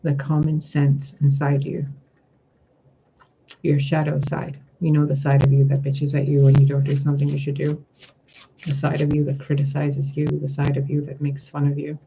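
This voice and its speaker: A man giving a spiritual tarot reading, talking in a gentle, reflective way and asking rhetorical questions. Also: on the high side, monotone, moderate pace, creaky, dull audio, background noise. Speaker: tarot reader.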